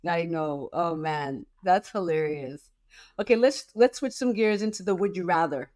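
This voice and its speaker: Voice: medium pitch, normal speed, a little mellow, no echo. Brief: podcast interviewer, casual and responsive, close and dry. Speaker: podcast host.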